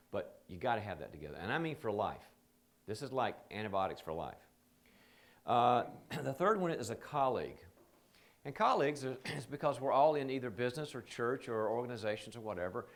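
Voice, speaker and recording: A man teaching a live training seminar in a conversational, joking way, often slipping into quoted voices. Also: medium pitch.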